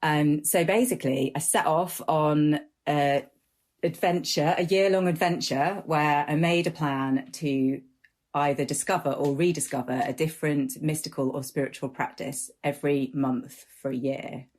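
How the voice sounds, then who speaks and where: A woman's voice: deep voice, fairly even intonation, moderate pace, darkish tone. A woman from northern England, an author giving candid, self-deprecating interview answers.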